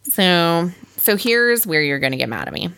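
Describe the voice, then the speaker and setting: A woman co-hosting a casual podcast, talking about reality TV in an animated, exasperated way and swearing freely. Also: lowish voice, normal speed, gravelly, clear, resonant tone. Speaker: podcast co-host. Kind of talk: casual reality-TV recap chat.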